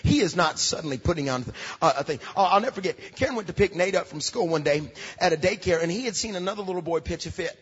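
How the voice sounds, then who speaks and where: A pastor preaching a sermon, moving from quiet storytelling to emphatic shouts. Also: male voice, high voice, lively intonation, quick pace, husky. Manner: emphatic preaching that swings from soft asides to shouts. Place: large church hall. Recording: dull lo-fi recording with long hall reverb.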